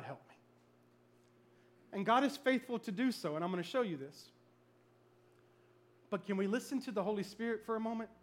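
A middle-aged man preaching a sermon to a church congregation, telling stories in an animated, comic way. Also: high-pitched. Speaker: pastor. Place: church service before a congregation.

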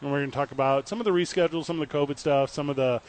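A man's voice: fairly high pitch, very fast. A man co-hosting a sports talk radio show live from a pub, joking with his partner while running through the day's guests. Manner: upbeat, joking, runs the show rundown. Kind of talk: casual sports radio banter.

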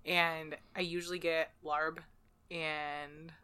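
A woman co-hosting a podcast in casual chat, relaxed and trailing off softly at the ends of phrases. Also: low voice, takes it slowly, smooth. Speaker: podcast co-host.

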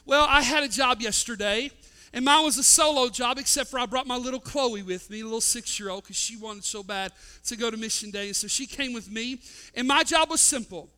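Male pastor, 30s, high bright voice, dynamic sermon delivery swinging loud to hushed. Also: a little fast, smooth.

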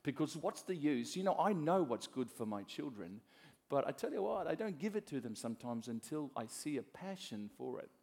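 A middle-aged man from Australia preaching a sermon as a pastor, swinging between soft asides and loud emphasis. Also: on the high side, big pitch swings, normal speed, gravelly, slightly rough.

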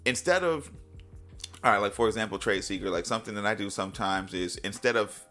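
A young man, a music producer, talks as a guest in a casual interview. He tells animated stories and often mimics other people's lines in a raised voice. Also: on the low side, fast talker.

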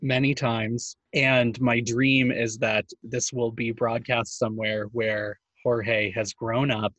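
A man's voice: medium pitch, flat delivery, slow, fairly bright tone, dry recording, highs cut off. A male radio host thanking a guest on live radio, chatty and rambling into a comment.

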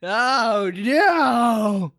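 A man voicing a cranky, drunk, lecherous old man brawler in improvised comedic role-play, drawling and shouting indignantly. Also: very high voice, lively intonation, very slow, dry recording, clean studio sound, voice pushed up, full character voice.

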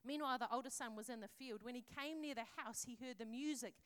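Woman preacher, kinda high voice, earnest and chatty, reads bible passages like a story. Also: fast, fairly bright tone, clean tone. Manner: earnest, conversational, reads scripture aloud in a storytelling voice. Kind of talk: sermon with scripture reading.

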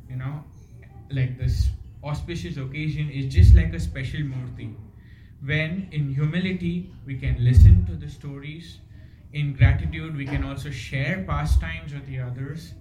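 A man's voice: fairly high pitch, warm tone. A man giving a devotional storytelling talk, earnest and full of rhetorical questions. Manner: earnest, fond of rhetorical questions and "you know". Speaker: devotional speaker. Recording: echoey hall with faint noise.

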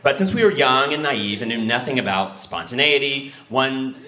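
A young man telling a funny personal story live, acting out his own panicked thoughts in sudden high bursts. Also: animated, moderate pace, pushed and bright, reverberant.

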